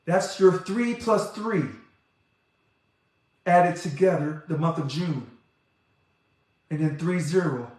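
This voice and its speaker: Man, fairly high voice, fervent address, heavy room echo. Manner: passionate, talks fast and loud when excited. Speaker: organization president. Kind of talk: impassioned monologue. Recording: very echoey room.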